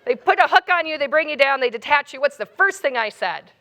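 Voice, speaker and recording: A woman keynote speaker with a high, bright voice, telling a comic personal story with lots of energy. Her delivery is animated and self-mocking. Her pitch jumps around a lot. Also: a little fast.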